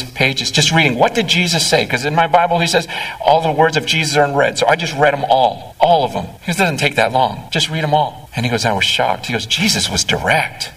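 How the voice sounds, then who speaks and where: A man's voice: fairly high pitch, bright, forceful tone, far from the mic, poor audio. A man preaching an impassioned sermon as a pastor, pleading with his listeners.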